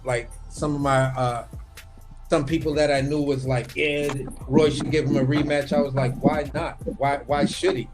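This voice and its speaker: Casting: male guest, higher-pitched voice, animated and opinionated, faint music underneath. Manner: animated, opinionated, repeats words when building a point. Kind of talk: casual boxing chat on a livestream. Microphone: video call.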